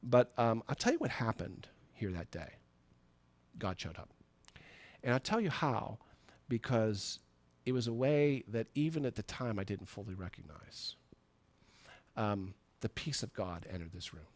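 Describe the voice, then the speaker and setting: A man's voice: fairly low pitch, very animated, measured pace, no room sound. A middle-aged man preaching as a pastor, telling a personal story in a conversational way, acting out the dialogue and laughing at himself. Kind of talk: storytelling sermon. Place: church sanctuary.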